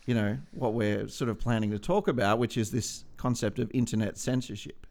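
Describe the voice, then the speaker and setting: A man in his forties co-hosting a casual podcast, laid-back and quick to swear and laugh. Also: mid-range voice, steady tone, a little mellow. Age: 40s. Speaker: podcast co-host. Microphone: studio microphone.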